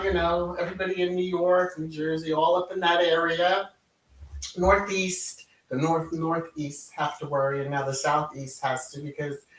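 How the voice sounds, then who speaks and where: A woman's voice: on the low side, fairly bright tone, distant mic. A woman hosting a casual livestream, chatty, with sing-song greetings and many ums. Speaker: livestream host. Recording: roomy echo, voice set back from the mic.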